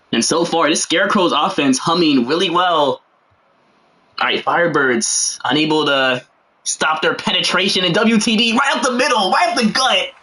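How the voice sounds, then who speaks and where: A man's voice: a little high, sharp tone. A young man giving casual, joking play-by-play commentary on a livestreamed game, full of slangy asides and rambling.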